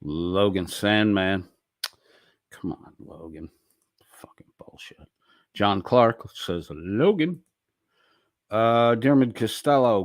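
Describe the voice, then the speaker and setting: A man's voice: sits low, no echo, studio quality. A man hosting a late-night livestream, reading chat messages aloud and responding in a blunt, profane, sarcastic way.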